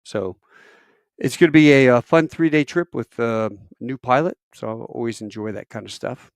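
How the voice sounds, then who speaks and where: Here an airline crew member talks casually on a live stream, captured through a camera mic, telling stories in a rambling way full of fillers and restarts. He has a clean-toned mid-range voice at a moderate pace, with no room sound.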